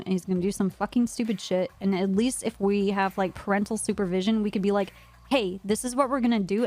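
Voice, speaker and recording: A woman streamer chatting in character during a roleplay game. She tells her story in an animated way, with plenty of filler "like"s and casual swearing, at a middle pitch. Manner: animated, lots of "like", frequent swearing.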